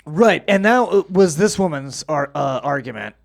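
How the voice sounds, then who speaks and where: A man's voice: a little high, expressive, moderate pace, vocal fry. A man hosting a podcast in casual banter, rambling and swearing with frequent restarts. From United States. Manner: profane, rambling with restarts and laughs. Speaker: podcast host.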